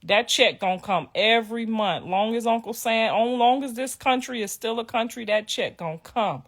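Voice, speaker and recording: A woman's voice: a little high, normal speed. A middle-aged woman talking casually to viewers on a livestream, telling profane stories and laughing through her words. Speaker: livestream host.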